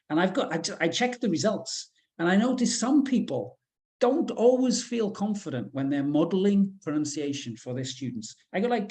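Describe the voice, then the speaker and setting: A man's voice: on the high side, a little mellow. A man from the UK presenting a teacher-training webinar, talking in a chatty way with frequent fillers.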